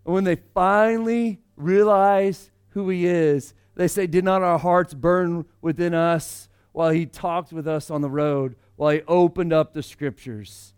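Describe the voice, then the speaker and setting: A man preaching a conversational sermon, swinging between loud emphasis and hushed asides. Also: on the high side, steady tone, unhurried, hardly any pauses, clear, resonant tone. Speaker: pastor.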